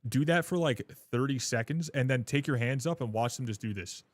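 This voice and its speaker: A male streamer talks loosely to his chat while he plays, at a medium pitch. His delivery is rambling and crude, and he restarts his sentences and leans on filler words as he jokes around. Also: a little fast, no room sound. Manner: rambling, profane, joking with chat. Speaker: gaming livestreamer. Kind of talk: casual livestream chat while gaming.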